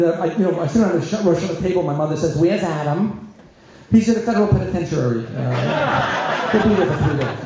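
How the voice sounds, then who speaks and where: Animated storytelling rabbi in echoey hall. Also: male voice, high-pitched. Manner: animated storyteller, acts out voices and shouts. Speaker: rabbi giving a talk. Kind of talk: storytelling talk to an audience. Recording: dull lo-fi sound in a very echoey hall.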